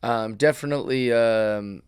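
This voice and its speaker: A man's voice: medium pitch, unhurried, smooth. A middle-aged man hosting his own comedy podcast, ranting in a casual monologue and slipping into mocking voice impressions.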